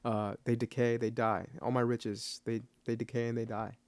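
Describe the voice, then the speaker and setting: A man's voice: mid-range voice, level tone, normal speed, darkish tone, no room sound. A man hosting a podcast interview, reflective and earnest as he talks about his faith. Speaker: podcast host. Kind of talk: interview conversation.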